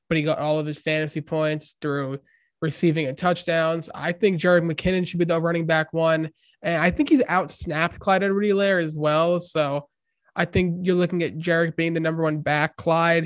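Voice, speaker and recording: A man's voice: fairly high pitch, dry recording, clean studio sound. A man co-hosting a sports podcast, giving fantasy football takes in a hesitant, filler-heavy way. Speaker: podcast co-host. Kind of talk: casual sports chat.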